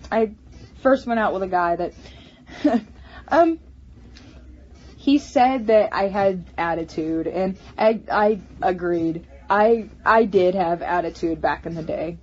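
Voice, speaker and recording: A woman's voice: medium pitch, a little mellow. Hesitant, stammering young woman vlogger. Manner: halting, many restarts and stammers. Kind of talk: casual personal vlog. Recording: slightly muffled home recording.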